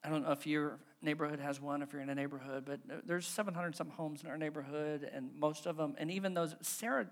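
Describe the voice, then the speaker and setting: A pastor preaching a sermon in a relaxed, conversational way, telling everyday stories with folksy humor and asking the congregation questions. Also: mid-range voice, quick pace, few pauses. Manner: folksy, self-deprecating humor; stumbles and repeats words when driving home a point.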